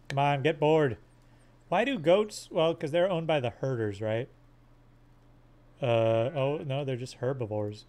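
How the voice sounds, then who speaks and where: A man streaming a game live, joking crudely and swearing as he plays. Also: fairly high pitch. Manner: hums silly sound effects. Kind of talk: live gameplay commentary.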